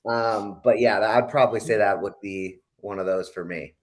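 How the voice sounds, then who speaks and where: A man's voice: lowish voice, steady tone, normal speed. A man guest on a panel, easygoing and thinking aloud with restarts. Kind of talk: casual panel talk.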